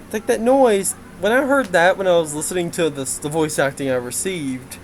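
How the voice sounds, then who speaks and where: A man's voice: a little high, normal speed, slight background noise, low-quality recording. A man giving a casual game development update, rambling with lots of fillers and frequent laughs.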